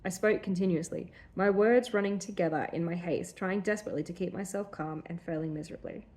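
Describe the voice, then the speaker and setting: A woman's voice: on the low side, fast talker, a little mellow. A woman co-hosting a podcast, reading her old story aloud and stopping to make fun of its sentences. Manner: reads her own prose aloud, breaking off to mock it. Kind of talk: reading aloud with casual commentary.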